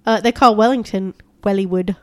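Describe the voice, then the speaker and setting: A woman's voice: mid-range voice, steady tone, moderate pace, no room sound, studio quality. A woman co-hosting a podcast, chatting casually and laughing often. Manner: chatty, laughs often, quotes people in put-on voices. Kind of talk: casual chat.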